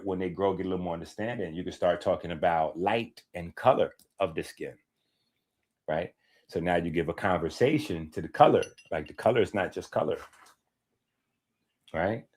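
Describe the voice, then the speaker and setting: A man hosting a health stream, giving an emphatic, lecturing talk with casual conversational asides. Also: deep voice.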